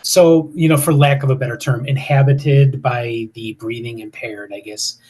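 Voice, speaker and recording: A man's voice: medium pitch, steady tone, normal speed, a loud crowd. A man in his fifties, a paranormal investigator, telling stories casually in an interview with many fillers and restarts.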